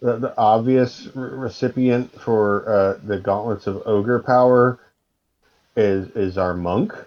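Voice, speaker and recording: A man's voice: fairly low pitch, fairly even intonation, slow pace, dull audio. A man playing a tabletop game, chatting casually in a hesitant, joking manner with restarts. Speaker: player.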